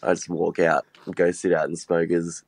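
A man's voice: sits low, level tone, moderate pace, no room sound. A man telling an embarrassing story in a voice message, rambling and swearing. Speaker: listener sending a voice message.

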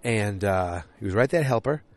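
A man's voice: fairly low pitch, animated, fairly quick, darkish tone. Tired man rambling through a recap. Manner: rambling, full of fillers. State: tired and getting over a cold. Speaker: TV episode recapper. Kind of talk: casual recap chat.

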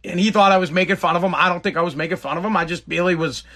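A man hosts a talk show and tells a casual, meandering story. His voice is bright and sits a little high, and he keeps stopping to restart and correct himself. He livens up whenever he quotes other people. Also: very fast. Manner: rambling, with many restarts and self-corrections; animated when quoting others in the story. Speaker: talk show host reading viewer comments.

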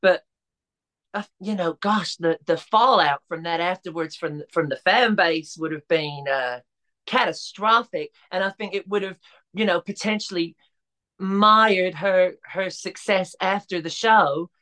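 A woman's voice: on the low side, unhurried, pushed and bright. A woman chatting on a podcast as a guest, talking casually with lots of fillers, restarts and stumbles. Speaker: podcast guest, drag performer.

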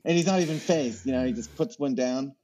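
A man's voice: mid-range voice, a little fast, warm tone. A man chatting as a podcast guest, rambling through stories with lots of fillers and restarts. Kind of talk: casual chat.

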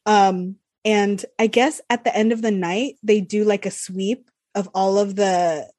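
A woman telling a story in casual chat with friends, animated and acting out quotes. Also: medium pitch, measured pace, no echo.

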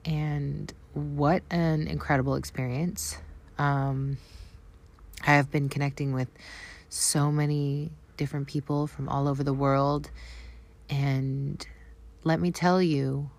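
A woman's voice: low voice, fairly even intonation, takes it slowly. A Canadian woman with a Canadian accent, talking earnestly and affirmingly in a casual spiritual vlog. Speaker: spiritual vlogger.

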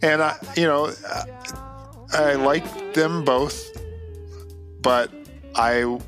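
A man's voice: fairly high pitch, extremely slow, a bit bright. A man co-hosting a podcast in casual chat, easygoing and hesitant, with many fillers. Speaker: podcast co-host. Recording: music clearly playing underneath.

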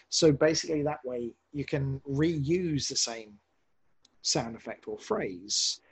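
A man, a podcast director, talking casually in an interview, animated and rambling with many restarts. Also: medium pitch, slightly rough, poor audio.

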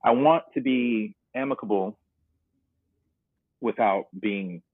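Man from North Carolina, low husky voice, earnest and reflective, sharing his story as a podcast guest over a tinny phone-like connection. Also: takes it slowly, no echo. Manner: earnest, reflective, retells scenes. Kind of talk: personal storytelling in conversation. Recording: dry, narrow phone-like line.

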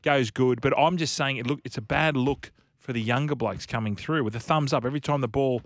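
A man's voice: mid-range voice, brisk, no room sound, studio quality. A man with an Australian accent hosting a casual sports chat, rambling and joking.

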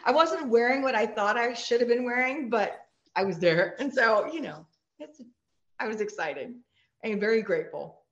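A woman with a Texan accent, a superfan guest on a podcast, telling her story in an animated, chatty way. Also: normal speed, dull audio. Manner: animated, acts out quoted voices high and bright. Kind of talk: casual interview storytelling.

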